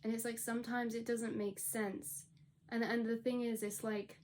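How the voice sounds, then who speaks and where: A woman's voice: a little high, little pitch movement, moderate pace, darkish tone, a little hiss or hum. Woman giving a rambling tarot reading. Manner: rambling, storytelling with restarts and quoted inner voices. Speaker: tarot reader. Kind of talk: channeled tarot reading monologue.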